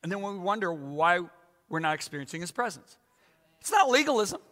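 A man's voice: high-pitched, big pitch swings, a little fast, bright, forceful tone. A man in his sixties preaching a sermon with emphatic, dramatic repetition. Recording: echoey hall.

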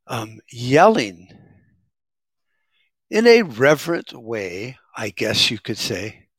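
A man's voice: medium pitch, breathy edge, no room sound. A middle-aged man talking in a casual, rambling monologue, sarcastic and wisecracking. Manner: rambling, sarcastic, self-described smartass. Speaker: vlogger.

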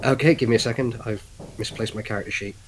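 A man playing a tabletop game, talking casually and getting excited. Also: lowish voice, fast, slight background noise, poor audio. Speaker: player.

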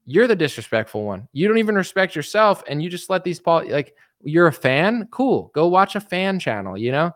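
A man's voice: fairly high pitch, big pitch swings, normal speed, hardly any pauses, dry recording, clean studio sound. A man streaming commentary, ranting scornfully at his audience and mocking them with put-on voices. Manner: scornful, mocking, puts on voices to ridicule viewers.

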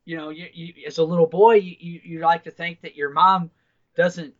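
A man's voice: fairly high pitch, level tone, moderate pace, dull audio. A man co-hosting a podcast, telling rambling, profane family stories in casual chat. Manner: profane, rambling anecdotal storyteller. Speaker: podcast co-host.

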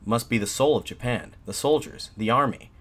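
A man voicing a defiant nationalist addressing soldiers from a balcony, in an impassioned, shouted pleading manner. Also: mid-range voice, moderate pace, voice pushed up, close to an everyday voice. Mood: fervent, shouting.

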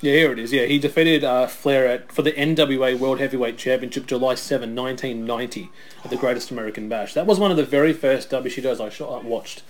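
A man's voice: mid-range voice, quick pace. Chatty man recalling old wrestling matches. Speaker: co-host of a wrestling watch-along. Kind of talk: casual watch-along commentary.

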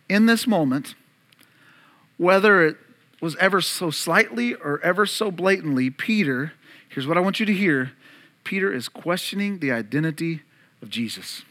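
A male pastor with a high, ringing, bright voice preaches an Easter sermon. He speaks with earnest conviction and keeps turning to the congregation with direct questions. His tone is focused and urgent throughout. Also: animated, moderate pace.

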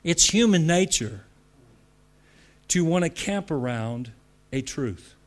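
A man's voice: a little high, expressive, slow pace. A man from the United States preaching a sermon to church leaders, emphatic and conversational, repeating phrases for effect. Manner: emphatic, rising to loud declarations; repetitive, conversational asides.

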